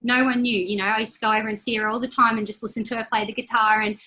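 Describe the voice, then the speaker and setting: A woman leading a training call, giving an upbeat motivational talk in a chatty, personal way and repeating key lines slowly for emphasis. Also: fairly high pitch, level tone, pushed and bright, rough recording. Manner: chatty and personal, laughs between points.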